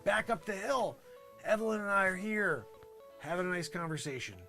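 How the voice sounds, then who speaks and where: A man's voice: high-pitched, expressive, moderate pace, bright, forceful tone, soft background music, voice pushed up, exaggerated voice. A man playing a smug schemer in a comedy sketch. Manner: smug, persuasive, muttering asides.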